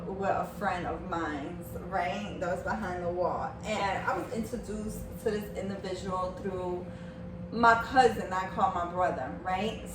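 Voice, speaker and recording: A woman co-hosting a casual podcast with her husband, outspoken and animated, telling stories and laughing often. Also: medium pitch. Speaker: podcast co-host. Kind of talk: casual chat, storytelling. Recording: echoey room, distant mic, background noise.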